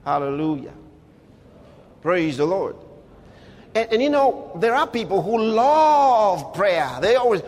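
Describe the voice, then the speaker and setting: A man preaching a sermon, emphatic, with big swings in loudness and a husky voice. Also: high-pitched, sing-song, a little slow, slight background noise. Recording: long hall reverb.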